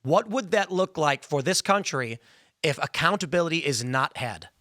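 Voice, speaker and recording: A man in his thirties hosts a political podcast, his voice bright and a little high, recorded close and dry with no room sound. He talks earnestly and strings his thoughts together in long runs. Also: lively intonation, moderate pace, no room sound. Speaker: podcast host. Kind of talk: casual political talk show.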